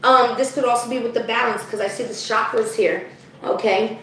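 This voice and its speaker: A woman's voice: fairly high pitch, steady tone, normal speed, a bit bright, heavy reverb, distant mic, rough recording. A woman giving a live spiritual card reading to her viewers, talking casually, often checking in with "okay?", and losing her voice. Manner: chatty, addresses viewers as "guys", frequent "okay?".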